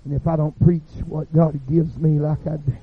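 Husky-voiced preacher storytelling hard in a revival sermon, sounds like a phone line. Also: male voice, fairly high pitch, flat delivery, moderate pace. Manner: dramatic storytelling, building to shouts.

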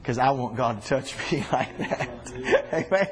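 A man preaching a sermon to a congregation in a church, talking casually to the room and breaking into loud shouts. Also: mid-range voice, normal speed. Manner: animated, shouting bursts and conversational asides to congregation.

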